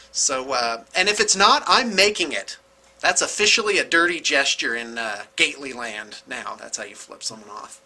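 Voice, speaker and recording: A man hosting a casual show-and-tell vlog from his painting studio, excitable and rambling, chuckling as he goes. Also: fairly high pitch. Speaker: host of a miniature painting studio channel.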